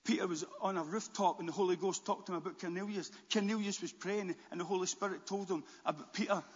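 A man preaching a sermon as pastor, animated, with stammered restarts and bursts near a shout. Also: high voice, fast, breathy edge. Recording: dull, long-echo church hall.

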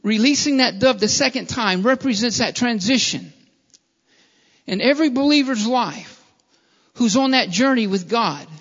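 A man's voice: extremely high pitch, animated, normal speed, a bit bright. A man preaching a sermon in an earnest, repetitive style and often calling his listeners beloved. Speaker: pastor. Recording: dull lo-fi sound with long hall reverb.

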